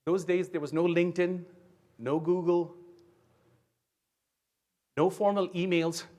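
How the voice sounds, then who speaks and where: A man in his fifties, originally from India, delivers a motivational keynote at a conference. His voice sits a little higher than most men's, and he tells his story in an earnest way, often tagging his sentences with "right?". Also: fairly even intonation, slow, darkish tone. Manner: earnest storytelling with frequent "right?" tag questions. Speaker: keynote speaker. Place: conference venue.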